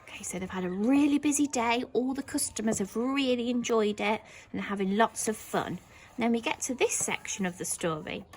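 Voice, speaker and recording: A woman with an English accent teaching young children, speaking slowly and clearly and acting out characters' lines in big high voices. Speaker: primary school teacher.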